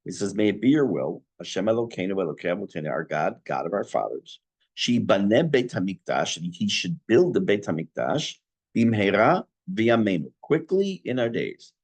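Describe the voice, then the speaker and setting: A man with a deep voice teaches an online class on prayer. He reads Hebrew phrases and explains them in English. His intonation is very animated, rising sharply on key words. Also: normal speed, husky.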